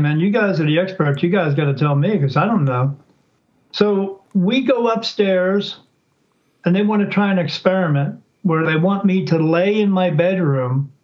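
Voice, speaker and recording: A high-pitched psychic recounts a story as a guest in a casual podcast interview, with the recording's highs cut off. He's animated and performs others' lines by altering his voice.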